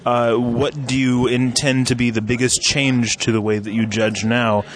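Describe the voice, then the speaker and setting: A man's voice: mid-range voice, level tone, normal speed. A man interviewing people casually, chatty and full of fillers and restarts.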